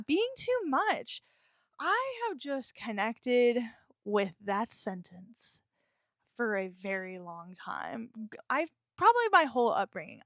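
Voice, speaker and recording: Bubbly high-voiced woman podcaster. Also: a bit bright, no room sound, clean studio sound. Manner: bubbly, rambling, laughs often, swears casually. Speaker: podcast host. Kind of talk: casual solo podcast chat.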